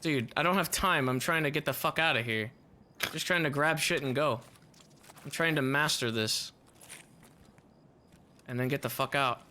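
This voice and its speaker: A man's voice: on the high side, moderate pace, pauses often, bright, forceful tone. A man chatting on voice chat while gaming, laughing often and swearing when things go wrong. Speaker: gamer on voice chat.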